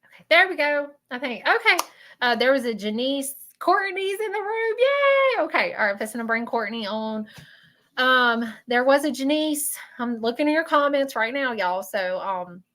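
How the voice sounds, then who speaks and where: A woman with a Southern US accent hosting a live stream of spiritual readings, talking in an emotional, halting way that repeats itself. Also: on the high side, a bit bright. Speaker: host doing spiritual readings. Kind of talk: live-stream chat with viewers.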